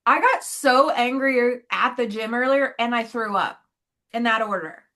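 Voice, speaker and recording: A woman's voice: a little high, a little slow, bright, forceful tone. A woman co-hosting a podcast with a sore throat, telling a candid, profane story in casual chat. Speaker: podcast co-host.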